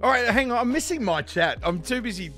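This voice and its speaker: A man streaming a Minecraft speedrun, chatting casually with his co-host and chat, excitable and quick to laugh. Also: very high voice. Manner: excitable, yelps and laughs at in-game scares. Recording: faint music behind.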